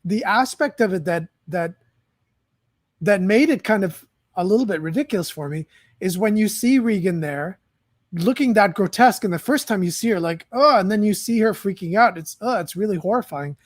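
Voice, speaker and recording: A man hosting a casual conversation about films, speaking in a measured, reflective way and often searching for words. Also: sits high, lively intonation, no echo, clean studio sound. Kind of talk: casual film chat.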